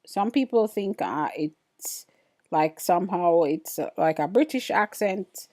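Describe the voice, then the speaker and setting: A woman from Antigua speaks with an Antiguan accent as she hosts a live stream. She talks slowly in a somewhat low voice, chatting and reacting with curiosity to viewer comments. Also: lively intonation, a little mellow. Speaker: livestream host. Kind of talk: casual chat with live viewers.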